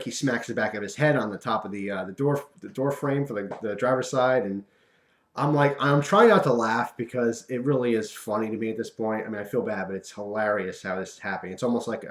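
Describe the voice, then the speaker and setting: A man's voice: mid-range voice, reverberant. A young man telling a funny personal story in a casual, rambling way, with lots of fillers and asides.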